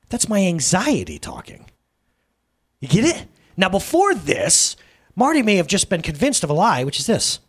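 A male pastor preaching in a lively, conversational way, often checking in with the audience through questions. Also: high voice, normal speed, husky. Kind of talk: sermon.

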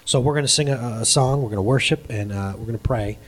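A middle-aged man preaching a sermon as a pastor. He talks in an animated way, laughs often and acts out the voices of people he quotes. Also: medium pitch, quick pace.

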